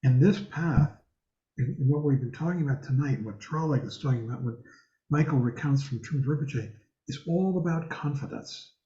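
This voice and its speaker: A man leading a group discussion over a video call, speaking in a measured, emphatic way. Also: medium pitch, mellow. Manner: measured, emphatic, slows on key words. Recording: echoey, dull video-call audio.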